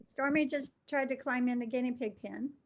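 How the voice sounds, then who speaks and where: A high-pitched middle-aged woman spinning a casual story as a guest. She tells it with animation and keeps breaking into laughter. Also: fairly quick, muffled recording. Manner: animated, laughs through her stories. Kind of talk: casual anecdote telling.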